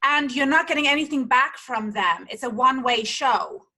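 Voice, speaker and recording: A woman podcast host who chats casually and warmly encourages her guest to keep sharing. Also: high voice, lively intonation, normal speed. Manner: encouraging, affirming interviewer.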